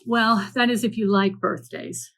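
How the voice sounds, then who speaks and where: A woman librarian reading picture books aloud to children, gentle and animated, with chatty asides to the listener. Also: mid-range voice, unhurried, vocal fry. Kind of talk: picture-book read-aloud.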